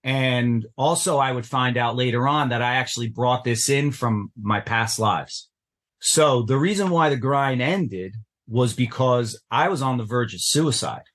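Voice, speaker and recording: A middle-aged man sits as a guest and tells a deeply personal story with earnest intensity. His voice sits at an ordinary pitch for a man. He leans into the telling and acts out the people he quotes. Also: a little slow, fairly bright tone. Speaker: podcast guest.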